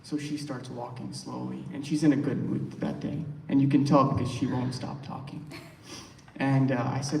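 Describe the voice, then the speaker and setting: A man tells anecdotes about his mother in a funeral eulogy, chatty and animated as he acts out what people said. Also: medium pitch, normal speed, vocal fry. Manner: chatty, animated when quoting others, laughs lightly. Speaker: son giving a eulogy. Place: funeral hall. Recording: echoey hall from far off, faint noise.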